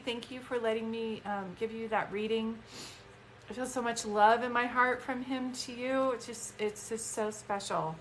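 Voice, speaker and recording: A woman's voice: on the high side, a bit bright, slight background noise. A woman, a psychic medium chatting heartfelt and casual on a phone live stream. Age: 50s. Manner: chatty, heartfelt, many fillers.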